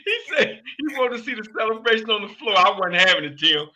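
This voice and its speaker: A middle-aged man hosting a casual sports talk show, telling animated stories with laughs and loose slang. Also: high voice, fast, a little hiss or hum. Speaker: show host. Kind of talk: casual storytelling chat. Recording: dull lo-fi sound.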